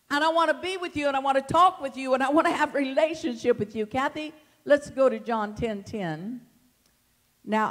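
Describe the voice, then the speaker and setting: A woman leading a Bible study, reading scripture aloud in a tender, animated way. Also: a little high. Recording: long hall reverb.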